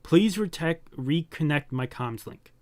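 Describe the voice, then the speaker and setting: A man's voice: a little high, animated, a little slow, a little mellow, no room sound, pitched above the performer's own voice. A man voicing an emotional, clingy young woman from a comic, reading her lines in a raised, strained voice. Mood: pleading.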